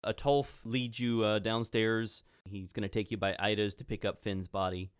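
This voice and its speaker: A man narrating as game master of a tabletop role-playing podcast, relaxed and conversational with occasional fillers. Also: lowish voice, normal speed, smooth, no room sound, clean studio sound.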